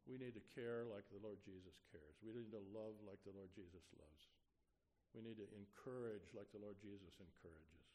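A man preaching a conversational sermon, repeating rhetorical questions and sometimes dropping to a soft, quiet tone. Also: fairly low pitch, moderate pace.

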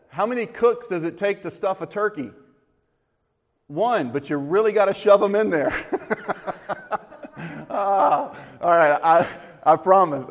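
A man's voice: sits high, a little slow, long pauses. A middle-aged man speaking to a church audience in a folksy, casual way, telling corny jokes before turning to a thankful devotional message. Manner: folksy, tells corny jokes with relaxed asides. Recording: long reverb of a large hall.

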